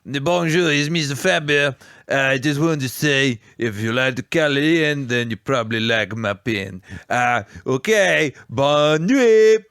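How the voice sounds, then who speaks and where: A man's voice: medium pitch, expressive, a little slow, a bit bright, clear, resonant tone, no echo, clean studio sound. A man putting on the voice of a pompous male pen maker with a fake French flair, doing a mock sponsor message. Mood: chirpy.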